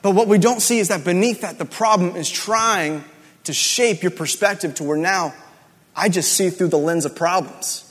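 A man preaches in a light, high voice, conversational and emphatic, hammering home repeated words. A long hall reverb trails behind every phrase. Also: moderate pace, fairly bright tone, husky. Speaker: pastor. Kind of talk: sermon.

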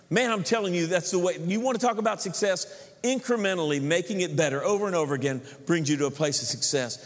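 Pastor, male, fairly high voice, lively storytelling sermon, long church-hall reverb. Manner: animated storytelling, acts out the people he quotes. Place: church sanctuary.

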